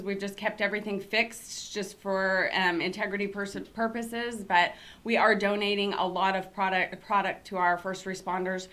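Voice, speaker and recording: A middle-aged woman hosts a casual talk show with a bright, forward tone. She talks in an upbeat, chatty way with plenty of fillers, at an ordinary pitch. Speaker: show host and company CEO.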